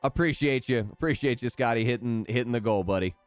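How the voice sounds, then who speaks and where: A man's voice: medium pitch, quick pace, clean tone, no room sound, faint music behind. A man hosting a live stream, calling out names in a hype sports-announcer manner.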